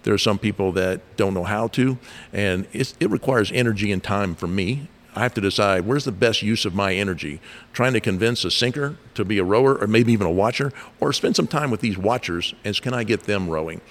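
A middle-aged man with a somewhat low voice, talking as a leadership coach in an interview. He tells stories in an animated way, raising his pitch when he acts out the questions people ask. His delivery is conversational, with frequent restarts. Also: fairly quick.

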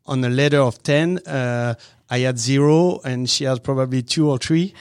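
Halting French-accented man, dry close sound. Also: mid-range voice, a little mellow, no echo. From southern France. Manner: halting, searching for words, frequent restarts and chuckles. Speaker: restaurant owner, guest. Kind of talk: casual interview conversation.

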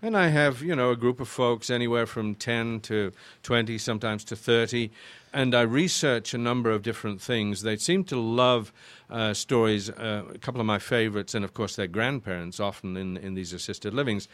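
Here the same northern English voice actor from Yorkshire, older now, chats as an interview guest, restarting as he rambles through anecdotes. He speaks at a moderate pace in a mid-range, slightly bright voice.

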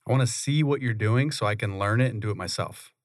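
A man, a real estate investor, telling his story in a relaxed, conversational way in a radio studio. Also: lowish voice, fast, dry recording. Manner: relaxed, conversational, laughs often. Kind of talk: interview storytelling.

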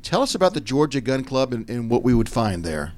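A man's voice: medium pitch, sing-song, brisk, darkish tone. A man hosting a business radio talk show in a studio, jokey and teasing with his co-host.

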